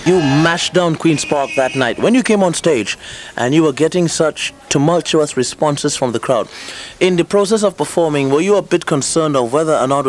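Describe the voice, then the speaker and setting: A man hosting a TV culture show, asking interview questions in measured, formal phrasing. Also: fairly high pitch.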